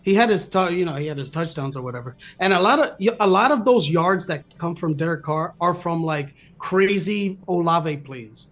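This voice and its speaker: A man's voice: a little high, animated, moderate pace, hardly any pauses, a bit bright. A man co-hosting a casual sports betting chat, riffing crude jokes and trash talk. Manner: joking, crude, riffing bits. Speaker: podcast co-host.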